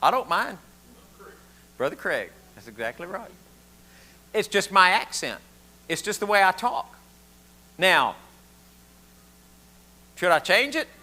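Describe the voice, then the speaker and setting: Folksy Southern preacher, bright voice. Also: male voice, high voice, big pitch swings, takes it slowly, long pauses. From southern United States. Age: older. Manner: folksy, asks the room questions, repeats words often. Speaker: pastor. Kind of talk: conversational sermon.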